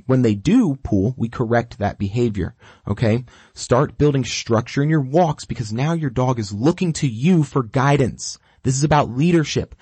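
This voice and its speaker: A man's voice: medium pitch, dark tone, husky, no echo. A man working as a dog trainer, giving emphatic instructions and checking in often with the listener. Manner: emphatic, keeps checking in with "okay?". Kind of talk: instructional talk.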